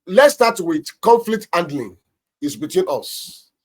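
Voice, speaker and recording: A man's voice: high voice, sing-song, a little slow. A man with a Nigerian accent, a pastor and marriage counselor giving emphatic marriage advice on a talk show. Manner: emphatic, preacherly, acts out little anecdotes.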